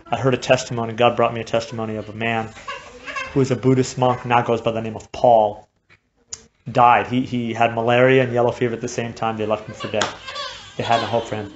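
A man preaching a sermon in an impassioned way, moving from hushed, quiet stretches to loud, fervent passages. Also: mid-range voice, little pitch movement, normal speed, pauses often. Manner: impassioned, swings from hushed to shouting. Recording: dull lo-fi recording with faint noise.

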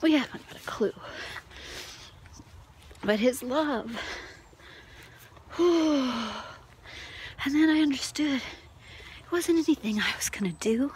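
Slow, high-voiced woman giving an emotional testimony. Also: lively intonation, darkish tone, slight background noise. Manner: tearful, laughing, drops to whispers. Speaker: Christian testimony speaker.

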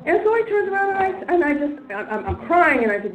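A woman giving a storytelling talk at a training event, animated and laughing as she acts out other people's lines. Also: sits high, fairly quick, slight background noise. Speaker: speaker at a disability training. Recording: echoey room with faint ambience.

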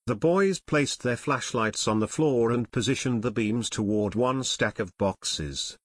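A man narrating an adventure audiobook in a steady, measured way. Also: medium pitch, breathy edge, no echo, clean studio sound. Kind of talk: scripted narration.

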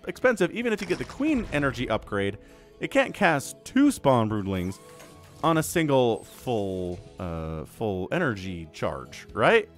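Lively, upbeat male game caster. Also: fairly high pitch. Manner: chatty, joking asides. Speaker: game shoutcaster. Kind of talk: casual solo game commentary.

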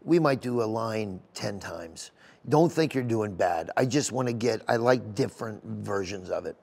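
A man's voice: fairly low pitch, expressive, moderate pace, vocal fry, a little mellow, breathy edge. A middle-aged man, a comedian, telling stories in an interview in an emotional, rambling way with many restarts. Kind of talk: sit-down interview storytelling. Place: golf tournament venue.

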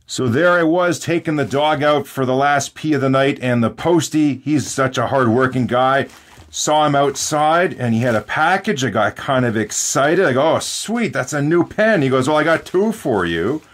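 A man's voice: medium pitch, normal speed. A man from British Columbia, hosting a casual, rambling unboxing vlog in a playful, jokey way. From British Columbia, Canada. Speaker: fountain pen channel host.

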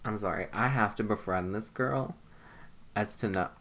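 Over blaring game music, a young woman casually commentates her life-simulation playthrough, talkative, quick to laugh, and swearing freely. Her pitch is extremely low and her pace moderate, with a little hiss or hum present.

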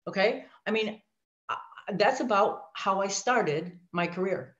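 A middle-aged woman sharing her life story, animated, acting out voices and speaking asides to her listeners. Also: on the low side, a little slow. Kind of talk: personal testimony talk. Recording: dull lo-fi audio.

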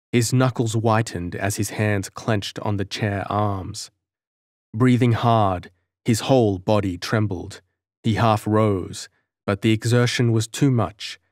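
A man narrating an audiobook in a measured storytelling manner. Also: on the low side, no echo, studio quality. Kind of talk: scripted narration.

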